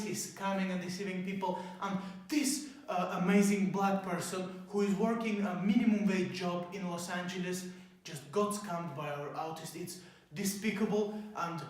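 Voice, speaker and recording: A man hosting a parody news show, ranting in a rambling, profane way with many fillers. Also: high-pitched. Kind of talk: mock news commentary. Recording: very echoey room.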